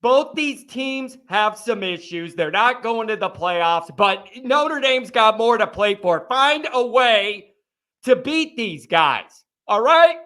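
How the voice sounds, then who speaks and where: A man's voice: high voice, expressive, takes it slowly, pushed and bright. A man hosting a live sports reaction show, talking in a fired-up, ranting way.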